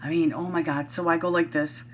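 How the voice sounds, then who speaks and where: This parent vlogger is a middle-aged woman with a deep, steady voice who talks briskly to camera at home. The chat is casual and rambling, full of fillers and restarts, and a little hiss or hum can be heard.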